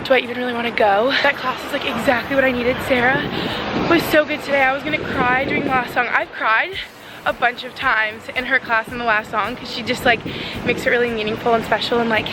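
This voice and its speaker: A young woman vlogging in a casual, chatty and excitable way, filler-heavy and emotional, filmed on a phone held at arm's length. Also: a little high, very noisy. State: emotional, teary. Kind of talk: casual vlog talk. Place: walking outdoors and driving.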